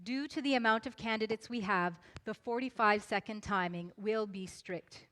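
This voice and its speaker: A woman moderating a debate in a clear, measured, formal way, reading out the rules and questions. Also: medium pitch, a bit bright.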